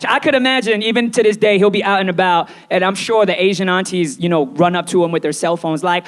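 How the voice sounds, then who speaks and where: A man doing live stand-up comedy for a small audience, playful and animated, often slipping into quoted voices. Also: high-pitched, fast, few pauses.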